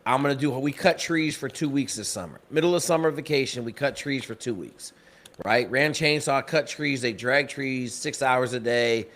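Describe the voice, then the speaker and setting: A man telling a story on a live talk broadcast, energetic and fast, acting out the quotes as he goes. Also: medium pitch. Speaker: panel guest and father.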